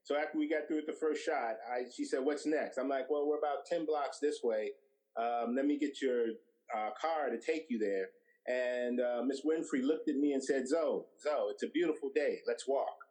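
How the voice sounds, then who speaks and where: Man telling lively anecdotes. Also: medium pitch, moderate pace, rough recording. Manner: animated storyteller who acts out quoted dialogue. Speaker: guest, TV director. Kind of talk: anecdotal storytelling interview.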